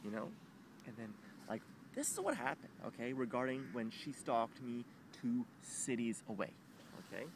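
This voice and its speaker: A man's voice: medium pitch, animated, moderate pace, slight background noise. Agitated young man ranting outdoors. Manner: agitated, swearing, rambling with restarts. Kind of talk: emotional personal rant to camera.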